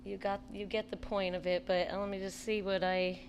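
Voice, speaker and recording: A woman who is a parent giving an impassioned, pleading public comment at a school board meeting, often halting and restarting. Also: mid-range voice, level tone, lo-fi sound, a little hiss or hum.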